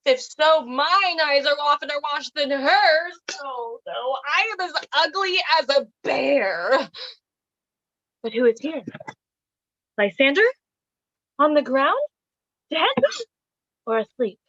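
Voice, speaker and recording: A plaintive young woman in love, played by a woman, speaks with a high, animated pitch. Her delivery is slow. The audio is dull and lo-fi, as on a video call. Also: heavily acted. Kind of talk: Shakespeare stage reading over video call.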